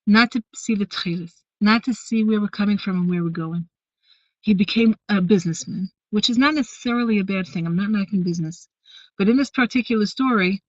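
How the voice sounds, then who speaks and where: A woman's voice: mid-range voice, dry recording. Woman teaching, dry lo-fi sound. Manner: storytelling with many fillers and restarts, warm asides. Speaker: teacher of a women's course. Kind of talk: teaching, retelling a Hasidic story.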